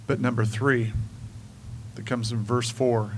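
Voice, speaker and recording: A man preaching a sermon in an emphatic way, swinging between hushed and raised delivery. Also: mid-range voice, flat delivery, a little slow, a little hiss or hum, rough recording.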